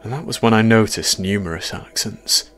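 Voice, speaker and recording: A man narrating a first-person horror story in a measured, quietly ominous way. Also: fairly low pitch, a crowd in the background.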